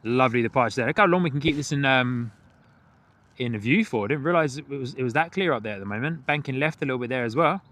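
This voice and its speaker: A man's voice: medium pitch, lively intonation, fast, fairly bright tone. A man hosting a live plane-spotting stream outdoors near a runway. He talks chattily and greets his viewers by name. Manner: chatty, reads out viewer comments and greets chat.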